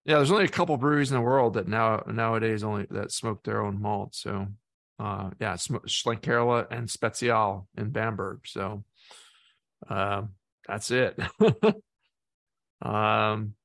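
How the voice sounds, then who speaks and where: A man's voice: lowish voice, unhurried, creaky, fairly bright tone, no room sound, clean studio sound. A man co-hosting a casual beer-tasting podcast, reading facts aloud and hesitating often with fillers. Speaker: podcast co-host.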